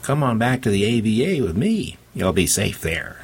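A man voicing a cool female vampire with a pistol, calm and matter-of-fact. The voice sits a touch higher than his own and stays husky in a storybook reading. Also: normal speed, full character voice.

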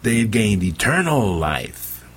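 A man voicing a slow, menacing vampire preacher. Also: on the low side, big pitch swings, a bit bright, breathy edge, pitched above the performer's own voice, heavily acted. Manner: slow, theatrical, fiery. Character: menacing male vampire cult preacher, booming.

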